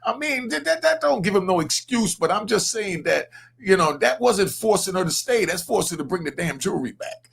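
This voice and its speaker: A man's voice: high-pitched, very animated, a little fast, creaky, fairly bright tone, breathy edge. A man hosting a podcast, giving blunt, profane, street-style commentary with lots of energy. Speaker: podcast host. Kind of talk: casual opinionated commentary.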